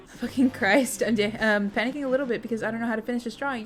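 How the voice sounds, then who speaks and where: A woman's voice: a little high, racing. A young woman hosting a livestream, chatting casually and bubbly with her viewers, greeting them by name and swearing now and then. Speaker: livestream host. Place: home streaming setup. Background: faint music playing.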